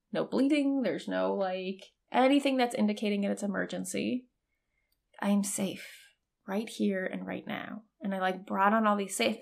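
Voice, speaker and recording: A woman's voice: mid-range voice, gravelly. A woman in her thirties telling a personal story in a casual, candid way, full of "like" fillers and the odd swear word. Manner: chatty, frequent "like" fillers, candid with swearing and laughs.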